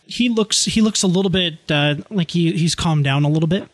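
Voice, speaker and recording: Halting man running a tabletop game. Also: fairly high pitch, dry recording. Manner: halting, many restarts and fillers. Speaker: game master.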